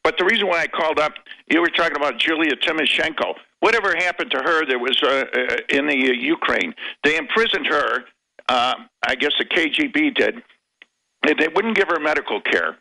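An older man calling in to a radio show, rambling in a halting way, full of pauses and restarts. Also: on the high side, vocal fry, pushed and bright, poor audio. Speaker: caller.

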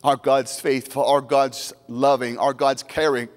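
A man's voice: mid-range voice, little pitch movement, a little slow. Man preaching emphatically in an echoing hall. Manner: emphatic preaching, repeats declarations. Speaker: pastor. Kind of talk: sermon. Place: church sanctuary.

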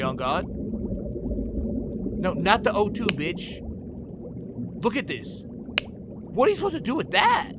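Young male let's-play host, high and animated, loud profane reactions; music under. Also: heavy background noise. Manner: excitable, profane, shouting reactions. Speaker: gaming video host. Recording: game music behind.

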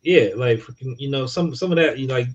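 A man's voice: mid-range voice, fast, muffled recording. A man co-hosting a casual review chat, talking loosely and rambling through his points. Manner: loose and rambling, full of fillers. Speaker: podcast co-host.

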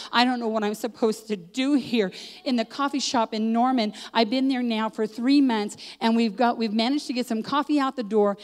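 A woman preaching a storytelling sermon, emphatic, moving between loud declarations and hushed retellings. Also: a little high. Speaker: guest preacher, coffee shop owner. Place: church sanctuary. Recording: long hall reverb.

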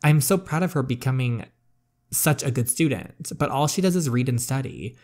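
A man reading as a soft, doting mom. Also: medium pitch, normal speed, natural voice. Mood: fond. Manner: soft, fond. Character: gentle, caring middle-aged mother. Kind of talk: reading a story game aloud.

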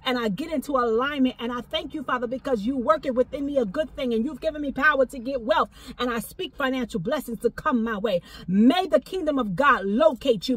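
A woman giving a fervent prophetic exhortation, repeating phrases and breaking into shouts of praise. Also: sits high, husky, dry recording. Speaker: prophetic minister.

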